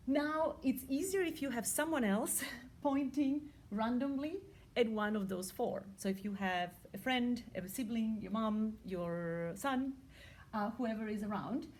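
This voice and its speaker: A woman's voice: fairly high pitch, darkish tone. Chatty woman teaching rhythm counting. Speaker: music teacher.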